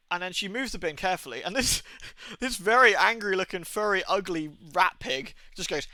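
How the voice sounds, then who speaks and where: A man's voice: high voice, quick pace, dry recording. A young man with an English accent, a game streamer telling rambling, sweary stories in casual chat. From England. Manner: rambling, sweary, animated storytelling.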